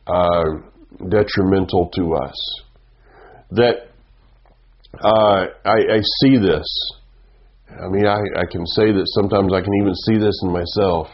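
A man with a Southern US accent preaching a sermon, teaching earnestly and often restarting his sentences. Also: mid-range voice. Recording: dull lo-fi sound.

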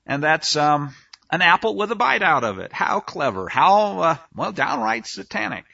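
A man's voice: fairly high pitch, very animated, normal speed, gravelly, bright, forceful tone, highs cut off. A man preaching a sermon on scripture, emphatic, often asking the listeners rhetorical questions. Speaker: Bible teacher.

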